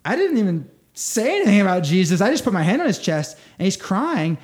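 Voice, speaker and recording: Man, interview guest, high voice, rapid, eager storytelling, halting restarts. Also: big pitch swings. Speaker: missionary guest.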